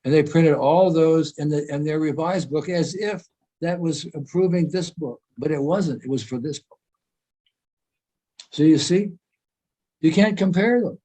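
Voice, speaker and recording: An older man with a voice a little higher than most men's speaks over a video call. He makes his points earnestly and with emphasis, often stopping and restarting his sentences as he goes. The tone is conversational rather than scripted. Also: a little slow, long pauses, mellow, low-quality recording. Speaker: guest speaker.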